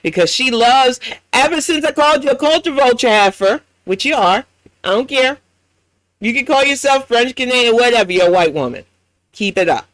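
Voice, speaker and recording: A man's voice: very high voice, normal speed, a bit bright, no echo. A man with a New York accent hosting a reaction commentary, blunt, profane and mocking. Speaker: commentary host.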